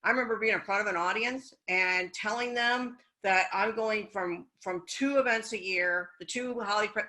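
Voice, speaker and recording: Bright-voiced chatty woman guest. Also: mid-range voice, moderate pace, rough recording. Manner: chatty, frank and encouraging. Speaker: guest business speaker. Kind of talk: casual podcast conversation.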